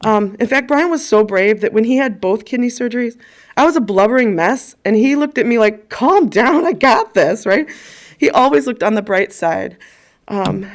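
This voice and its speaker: A woman in her forties giving a eulogy, telling personal stories in a chatty way with frequent ums. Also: a little high. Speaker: eulogist at a funeral.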